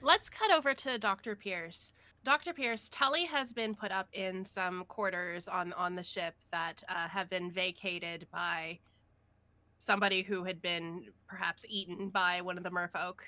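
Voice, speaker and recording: A woman running a tabletop game as game master, narrating scenes in a lively, descriptive way. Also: fairly low pitch, unhurried, dry recording.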